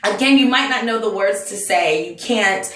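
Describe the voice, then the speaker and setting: A woman from North Carolina speaks in an earnest, emotional rant, stumbling over restarts as she searches for words. Her mid-pitched voice sits back from the mic in an echoey room. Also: normal speed, fairly bright tone. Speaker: vlogger and Sunday school teacher. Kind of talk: impassioned personal rant. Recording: roomy, distant mic.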